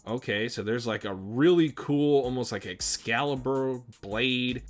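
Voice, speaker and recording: A man's voice: mid-range voice, unhurried, faint music behind. A man hosting a manga reaction, reading the character dialogue aloud and breaking off into chatty remarks.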